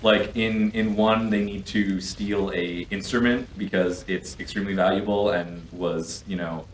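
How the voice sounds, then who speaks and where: A man's voice: lowish voice, fairly even intonation, measured pace. A young man co-hosting a gaming stream, chatting casually and rambling through long explanations with many restarts. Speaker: co-host and player. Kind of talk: casual chat while gaming. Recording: echoey room, faint noise.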